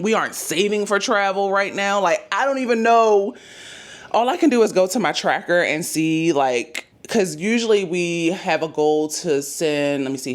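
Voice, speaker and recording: A woman in her thirties, hoarse from losing her voice, chatting casually through her monthly budget numbers and talking straight to her viewers. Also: low-pitched. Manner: chatty, addresses viewers as "y'all", thinks aloud over numbers. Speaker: budgeting YouTuber.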